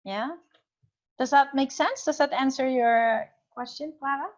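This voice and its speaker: A woman's voice: sits high, measured pace. Woman teacher explaining, with plenty of fillers. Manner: explains with many examples, thinks aloud with fillers. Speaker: English teacher. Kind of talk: online class lecture.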